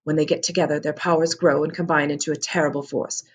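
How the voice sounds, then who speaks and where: An earnest young male companion from a storybook, explaining in a steady, serious way, as a woman reads his lines. The voice stays low and plain. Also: quick pace, slightly rough.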